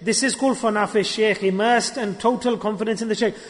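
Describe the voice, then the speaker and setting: A man giving an animated storytelling sermon at a gathering, acting out dialogue and using Arabic religious terms. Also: high voice, fairly quick. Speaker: preacher. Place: gathering hall. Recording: long hall reverb.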